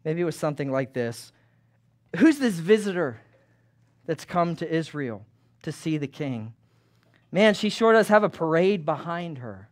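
A male pastor preaching a fervent sermon, building to loud emphasis and acting out the chatter of townspeople. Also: fairly high pitch, a little slow, long pauses. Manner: acts out townspeople's chatter in lively voices.

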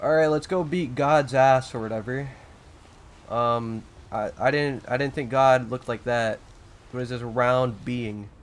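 A young man streaming a video game, giving excitable, slangy commentary and swearing often. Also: medium pitch, measured pace. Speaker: gaming streamer. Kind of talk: gameplay commentary. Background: game music.

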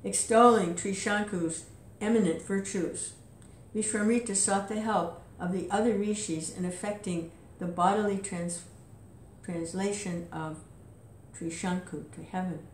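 A woman's voice: mid-range voice, steady tone, a little slow, a little hiss or hum. A woman reading an epic story aloud with occasional casual asides and filler words. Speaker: reader. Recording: roomy echo.

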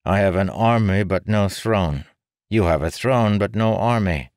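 A man's voice: fairly low pitch, a little slow, a little mellow, no room sound, clean studio sound, voice pushed up, lightly acted. A man voicing a proud, suspicious male nobleman who speaks in curt, growling, guarded replies in an audiobook. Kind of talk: audiobook character voice.

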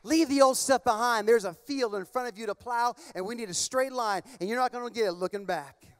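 A man's voice: extremely high pitch, fairly quick, smooth, a faint crowd. A man preaching a sermon as a pastor, moving between fervent, emphatic exhortation and rambling, casual storytelling. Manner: impassioned, emphatic preaching with loud bursts; relaxed rambling storytelling with fillers. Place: large church.

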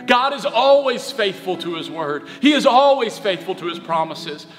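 A man's voice: sits high, sing-song, moderate pace. A young man preaching a sermon as pastor, telling a personal story in an earnest, heartfelt way. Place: church sanctuary. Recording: reverberant church hall with soft music.

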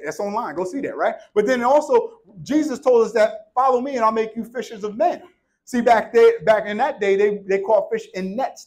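A man's voice: sits high, a little mellow. A man preaching a sermon in a church, joking with the congregation and calling for responses. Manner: playful, conversational preaching with call-and-response. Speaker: pastor. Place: church sanctuary. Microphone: handheld or worn microphone.

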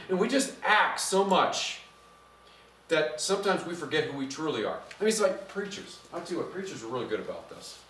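A middle-aged male pastor delivers a conversational, animated sermon, his fairly high voice rising in volume as he preaches. He stands some way from the microphone, and the church around him rings with echo. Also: a little fast, slight background noise. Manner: conversational, animated, gets louder when preaching. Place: church sanctuary. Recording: echoey church from a distance.

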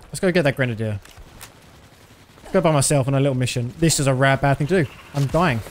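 A man's voice: mid-range voice, fast talker, slight background noise. A man streaming a shooter game, giving a chatty, self-mocking running commentary. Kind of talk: casual gameplay commentary.

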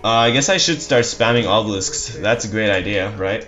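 A man's voice: fairly low pitch, moderate pace, a bit bright. A man giving casual live commentary over his own strategy game match, rambling and self-deprecating with dry sarcasm. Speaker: gameplay commentator. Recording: dull lo-fi mic with faint music.

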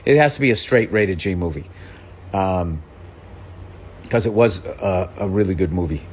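A man's voice: on the low side, husky. A man talking on a podcast, ranting with exasperation and profanity, voice swinging up and down. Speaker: comedian. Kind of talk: podcast rant.

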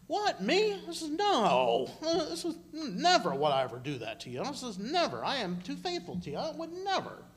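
A man's voice: very high voice, wildly swooping pitch, brisk, few pauses, fairly bright tone, pitched above the performer's own voice, heavily acted. A man voicing a stunned male disciple who indignantly insists he would never deny his teacher, as part of a sermon retelling. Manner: indignant, emphatic denial. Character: stunned adult male disciple protesting loyalty.

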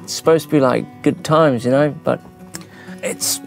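A man's voice: mid-range voice, steady tone, unhurried, gravelly, soft background music. Chatty, joking young man in a van. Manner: chatty, joking and self-mocking. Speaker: van-build vlogger. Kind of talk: casual to-camera vlog. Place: inside a van being built.

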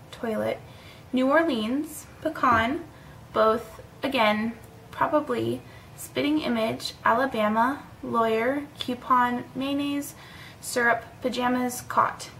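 A woman's voice: a little high, fairly bright tone, slight background noise, rough recording. A young woman from Nevada with a Pacific Southwest American accent, a university student casually reading a word list and answering questions, chatty and correcting herself as she goes. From Nevada, USA. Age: young adult.

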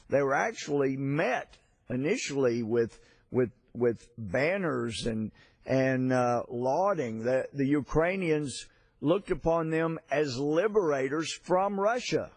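A man's voice: mid-range voice, lively intonation, no echo. A man giving a storytelling floor speech, hesitant with frequent fillers. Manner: storytelling, halting with fillers and restarts. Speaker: congressman.

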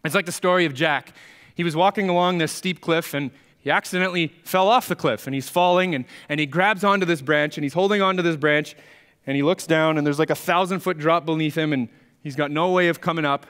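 A man's voice: a little high, brisk, a bit bright, clear, resonant tone, long reverb tail. A man preaching a sermon as a pastor, in a conversational, storytelling manner. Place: church sanctuary.

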